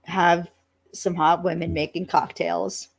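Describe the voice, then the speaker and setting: Low, slow-talking Southern woman. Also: gravelly, breathy edge. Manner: relaxed recap with fillers, laughs often. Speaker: podcast co-host. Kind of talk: casual chat about a TV show.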